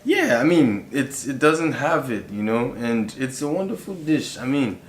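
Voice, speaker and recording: Speaking unhurriedly in a medium pitch with wide swings, a young Nigerian man chats casually as an interview guest, his Nigerian accent clear. He laughs often and uses many fillers like "you know"; the audio has light hum and a roomy echo.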